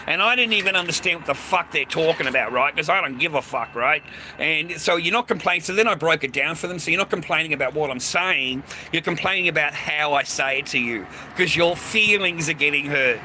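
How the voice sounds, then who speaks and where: Out on a busy city street with cars going by, this Australian man delivers a loose, casual vlog monologue full of profanity and blunt talk, repeatedly addressing the listener as "mate." His voice is a little high, bright, and expressive, with a brisk pace and a forceful tone.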